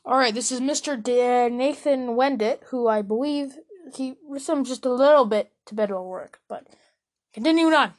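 A woman's voice: sits high, normal speed. A young woman hosting a podcast, chatting casually and joking as she reacts to a debate, laughing often. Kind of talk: casual chat.

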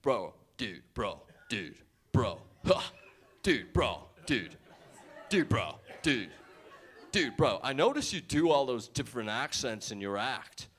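A man's voice: mid-range voice, very animated, slow pace, fairly bright tone, voice pushed down. A man voicing a laid-back young American guy who drawls and keeps repeating "bro" and "dude". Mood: puzzled.

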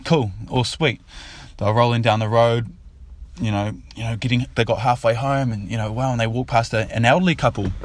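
A man's voice: mid-range voice, fairly even intonation, a little fast. A man, a father casually telling a fable and its lesson in a loose, rambling way. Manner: rambling, repeats himself, loose and informal. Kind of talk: casual spoken storytelling.

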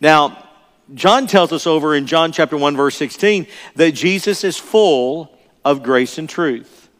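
An older man preaches to his congregation, earnest and emphatic, driving points home by repeating them. His voice sits a little high for a man, and it rings out with the long reverb of a large church sanctuary. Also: unhurried, a bit bright. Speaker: pastor. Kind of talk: sermon.

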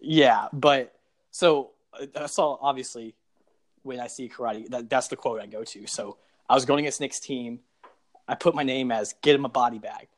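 A man's voice: mid-range voice, moderate pace. A young man chatting casually on a podcast, trading film quotes in a laid-back way and laughing often. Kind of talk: casual chat.

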